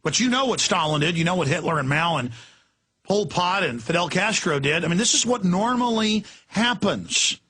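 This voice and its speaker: Ranting radio host, bright and husky. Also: male voice, sits high, animated, moderate pace. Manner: impassioned, ranting, shifts between yelling and hushed intensity. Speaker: radio talk show host. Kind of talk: ranting talk radio monologue.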